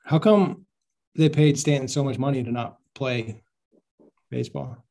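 A man's voice: medium pitch, vocal fry, warm tone. A man co-hosting a podcast, chatting easily about baseball, asking questions between fillers. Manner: easygoing, asks questions, drawn-out fillers. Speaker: podcast co-host. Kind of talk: casual chat about baseball.

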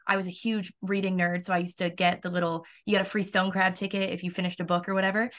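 Chatty young woman, slightly low voice. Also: level tone, fast talker, fairly bright tone. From United States. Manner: chatty, upbeat, many fillers. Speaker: college softball pitcher, guest. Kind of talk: casual podcast interview.

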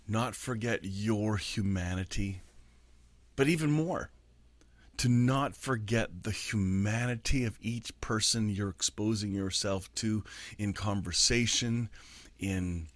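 A man speaking as a pastor, giving a reflective faith talk in an earnest, conversational way, pausing often with ums. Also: fairly low pitch, dry recording.

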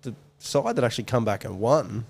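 Animated Australian man telling stories. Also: mid-range voice, a little fast, gravelly, breathy edge. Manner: animated storyteller, swears casually, acts out quotes. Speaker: podcast co-host. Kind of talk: casual chat.

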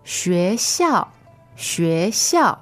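Slow, lively woman modelling words. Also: lowish voice, faint music behind. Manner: repeats each phrase twice, slowly and clearly. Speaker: Mandarin co-host and teacher. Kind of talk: modelling pronunciation in a lesson dialogue.

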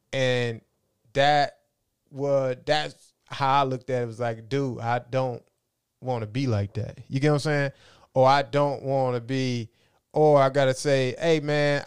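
A man's voice: mid-range voice, clear, resonant tone, no room sound, clean studio sound. A middle-aged man telling stories from his life in a rambling, casual way, often asking "you know what I'm saying". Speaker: interview guest. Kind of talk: casual storytelling.

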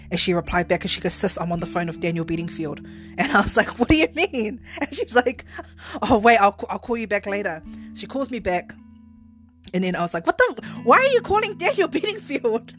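A woman hosting a podcast, telling personal memories in a rambling, heartfelt monologue. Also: medium pitch. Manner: rambling, heartfelt, restarts often. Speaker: podcast host.

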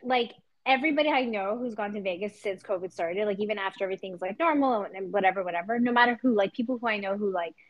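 A woman from Canada in her thirties co-hosts a relaxed podcast chat. She rambles with plenty of fillers at an ordinary middle pitch. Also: fast, hardly any pauses, muffled recording. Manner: chatty, many fillers. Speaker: podcast co-host. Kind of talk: casual chat.

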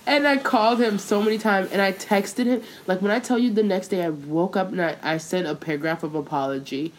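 A young woman co-hosting a casual chat, telling a story in lively slang with lots of swearing. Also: mid-range voice, fairly quick.

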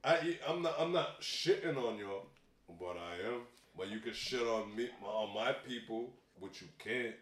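A man of Barbadian and Jamaican background chatting casually as a comedian and co-host, telling profane, animated stories with lots of restarts. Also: lowish voice, a little slow, roomy sound. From Barbados and Jamaica heritage. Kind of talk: casual chat.

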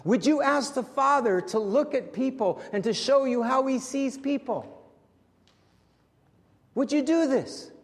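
A pastor preaches with a high-pitched voice, repeating and restarting phrases as he presses his point. His delivery swings between loud, animated appeals and quiet, hushed moments. A long reverb hangs on his words, as in a large hall. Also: moderate pace, hardly any pauses. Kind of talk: sermon.

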